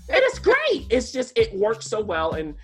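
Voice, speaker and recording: A man's voice: high voice, huge pitch swings, a little slow, a bit bright, faint music behind. A man co-hosting a podcast, chatting enthusiastically through a TV show review with plenty of restarts and asides. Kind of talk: casual TV review chat.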